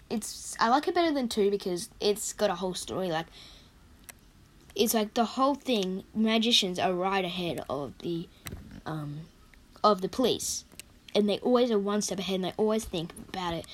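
A young woman with a croaky voice, rambling in a casual vlog about her favourite movies and correcting herself often. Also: medium pitch, slight background noise. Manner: rambling, chatty, self-correcting. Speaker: vlogger. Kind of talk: casual movie countdown chat.

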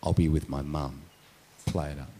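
A man's voice: extremely low pitch, steady tone, moderate pace, mellow, breathy edge. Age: adult. A male pastor telling a story in a conversational sermon, often tagging his points with "right?". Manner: storytelling, frequent "right?" tags.

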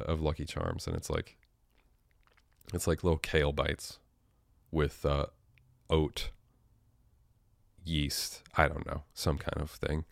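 A man's voice: rumbling low, measured pace, vocal fry, pauses often, no echo, clean studio sound. A young man hosting his own casual solo show, rambling and self-mocking, with frequent fillers and casual swearing. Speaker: podcast host.

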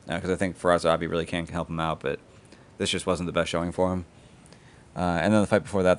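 A man hosting a podcast, giving a casual recap of fight results with lots of "uh" fillers. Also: low-pitched. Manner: rapid and conversational, with many "uh" fillers. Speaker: podcast host.

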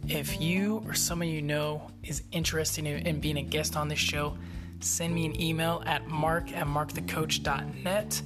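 A man's voice: on the high side, little pitch movement, moderate pace, music in the background. A man hosting a podcast, upbeat and encouraging as he wraps up the episode. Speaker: podcast host. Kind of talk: podcast host talk and outro.

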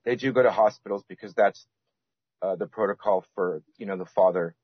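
A man's voice: fairly low pitch, fairly quick, breathy edge, no echo. A man as a podcast guest, rambling with many restarts and fillers. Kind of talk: casual podcast interview. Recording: dull lo-fi sound.

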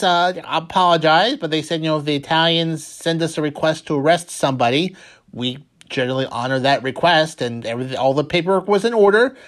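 A man's voice: a little high, a bit bright. A man hosting a radio show, recapping the news in a casual, rambling, jokey way and often repeating words. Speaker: radio host.

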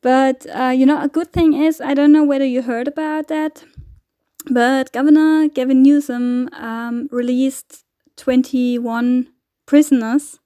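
Slow, halting woman host. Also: high voice, steady tone, mellow, dry recording. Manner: hesitant, halting, many fillers and restarts. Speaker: podcast host giving weekly updates. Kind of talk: casual spoken appeal.

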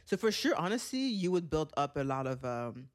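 A man with a fairly high voice co-hosts a casual podcast chat. He laughs a lot, gets animated, and jumps in quickly while talking over a reality show. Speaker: podcast co-host.

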